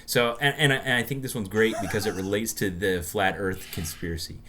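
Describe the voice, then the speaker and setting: A man from the United States with a very low voice, co-hosting a relaxed podcast chat. He tells stories in a loose, chatty way, often stopping and restarting his sentences. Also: brisk, noisy background. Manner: chatty storyteller, many restarts. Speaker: podcast co-host. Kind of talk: casual chat.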